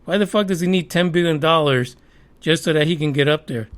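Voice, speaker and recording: High-voiced man ranting on a podcast. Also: brisk. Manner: profane, sarcastic, heated. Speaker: podcast host. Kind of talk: ranting news commentary.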